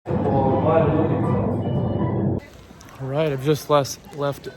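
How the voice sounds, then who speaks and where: Over loud background music, a travel vlogger with a fairly high voice and fairly even intonation talks casually to camera at normal speed while walking city streets. He's chatty but halting, with many ums and self-corrections, and faint street and traffic noise can also be heard.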